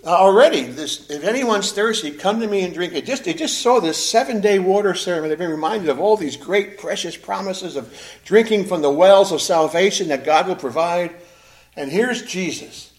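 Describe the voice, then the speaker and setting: A man preaching a sermon as pastor, animated, with emphatic pauses and repeated phrases. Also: high voice.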